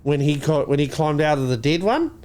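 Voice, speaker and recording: Comedy podcast co-host, male, from New Zealand, brash and crude, swears constantly, high-ish voice. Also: lively intonation, a little fast, darkish tone. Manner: profane, ranting, slips into mock voices.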